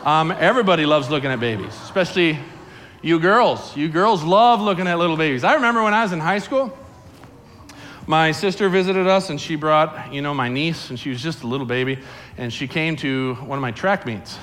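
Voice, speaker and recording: A middle-aged male pastor delivers a lively sermon, swinging between chatty storytelling and playful acted-out voices. His voice sits a touch higher than most men's. He keeps things humorous and conversational while preaching. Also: fairly quick.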